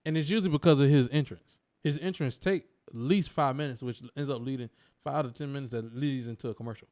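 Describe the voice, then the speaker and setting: A young man co-hosting a wrestling podcast in casual, animated chat, swearing and laughing often. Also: mid-range voice, fast talker. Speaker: podcast co-host.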